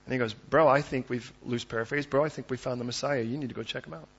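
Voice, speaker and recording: A man preaching a sermon as pastor, animated and conversational, acting out the people in his story. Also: medium pitch, fast, husky, highs cut off.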